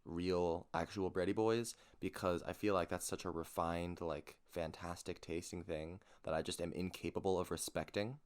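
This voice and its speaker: A man's voice: low voice, steady tone, moderate pace, hardly any pauses, clear, resonant tone. A man co-hosting a podcast, chatting casually in an enthusiastic, rambling way. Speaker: podcast co-host. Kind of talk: casual chat.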